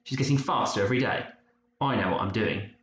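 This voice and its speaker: A man voicing a fierce, stubborn young girl who speaks in sharp, defiant outbursts. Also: fairly low pitch, fast talker, natural voice. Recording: muffled roomy recording, faint hiss.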